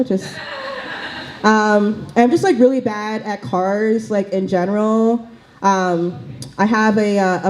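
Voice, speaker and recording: A woman's voice: mid-range voice, darkish tone, low-quality recording. A woman doing a stand-up comedy set in a small cafe, chatty and full of fillers and asides.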